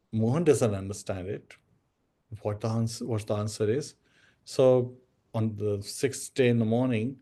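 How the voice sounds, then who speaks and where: Mellow-voiced man telling a devotional parable. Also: medium pitch. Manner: storytelling, addresses listeners as devotees. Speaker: spiritual speaker. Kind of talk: devotional discourse storytelling.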